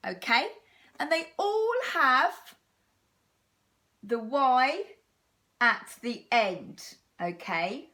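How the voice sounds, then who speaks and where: Female primary teacher, unhurried and patient, mid-pitched, home lesson. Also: expressive, fairly bright tone. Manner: slow, patient, clear explaining to young children. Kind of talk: home-learning phonics lesson.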